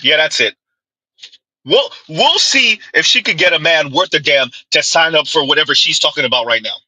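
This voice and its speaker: A man's voice: a little high, expressive, normal speed, sharp tone, slightly rough, no echo, rough recording. A man giving a mocking opinion commentary, full of rhetorical asides and scornful dismissals. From United States.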